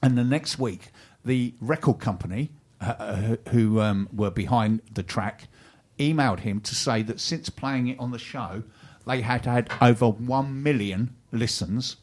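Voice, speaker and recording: A man's voice: mid-range voice, a little slow, a little mellow. Chatty man co-hosting radio. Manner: chatty, upbeat, frequent ums and restarts. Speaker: radio show co-host. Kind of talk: casual radio chat and station announcements. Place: radio studio.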